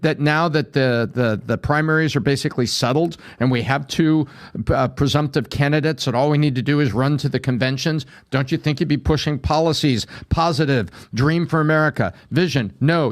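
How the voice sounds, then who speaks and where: A man on a podcast panel talking in an animated way, firing off rhetorical questions and acting out quotes. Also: on the high side. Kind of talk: casual chat.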